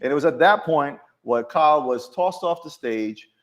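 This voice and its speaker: A man hosting a casual chat with coworkers in an office, telling stories in an animated way and often restarting his sentences. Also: on the high side, moderate pace. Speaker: show host.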